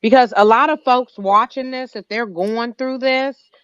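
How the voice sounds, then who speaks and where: A woman's voice: on the high side, steady tone, a little slow, fairly bright tone, clear, resonant tone, no room sound. A woman podcast host asking encouraging follow-up questions. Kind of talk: interview questions. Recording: dry, dull lo-fi sound.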